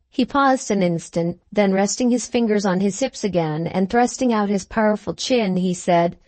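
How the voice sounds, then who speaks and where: Reading a classic novel as an audiobook narrator, a woman keeps a calm, even storytelling pace at medium pitch. There's no room sound at all.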